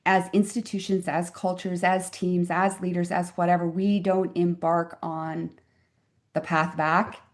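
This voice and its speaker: A woman in her fifties speaks in a lowish, flat, unhurried voice. She is a physician appearing as a guest on an interview podcast, telling stories conversationally in an earnest, reflective and emphatic manner.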